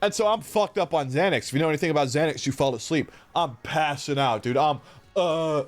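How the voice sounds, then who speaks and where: High-voiced young streamer, profane and rambling. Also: male voice, a little fast, soft background music. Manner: profane, rambling, laughs a lot. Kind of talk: casual storytelling on a live stream.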